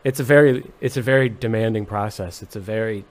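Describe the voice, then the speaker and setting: A young man, a musician, on a podcast, chatting casually in a deadpan, mock-serious joking way. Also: lowish voice, fairly quick. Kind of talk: casual comedic chat.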